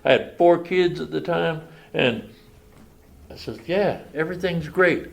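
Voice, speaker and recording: A man's voice: fairly high pitch, a little slow, creaky. An older man telling his recovery story at a meeting, plain-spoken and folksy. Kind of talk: personal testimony at a meeting. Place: meeting room.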